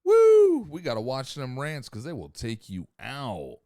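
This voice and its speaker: A man's voice: mid-range voice, big pitch swings, normal speed, no room sound, clean studio sound. A man hosting a podcast in a casual, profane, rambling rant who sometimes loses his thread. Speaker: podcast host.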